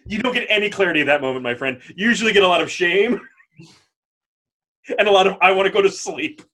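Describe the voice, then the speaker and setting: A man's voice: high-pitched, animated, brisk, sharp tone. A man co-hosting a podcast, chatting casually, rambling with many fillers and laughing often. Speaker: podcast co-host. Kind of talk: casual chat.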